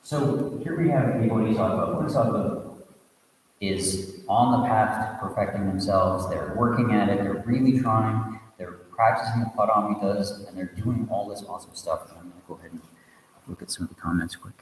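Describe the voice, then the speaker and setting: A man, a reverend, tells a Buddhist tale as a sermon, reading aloud with asides and restarts and giving the characters lively voices. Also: lowish voice, normal speed, a little hiss or hum. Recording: echoey, reverberant room audio from a distant mic.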